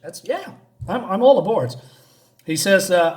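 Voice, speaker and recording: A man's voice: sits high, animated, a little slow, pauses often, roomy sound. A man giving a casual spoken comic book review, rambling and thinking aloud in a conversational way.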